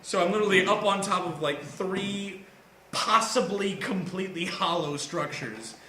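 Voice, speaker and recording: A man on a podcast telling goofy stories in a casual, animated way, laughing loudly and often. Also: sits high, moderate pace. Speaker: podcast co-host. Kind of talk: casual storytelling chat. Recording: echoey room with faint noise.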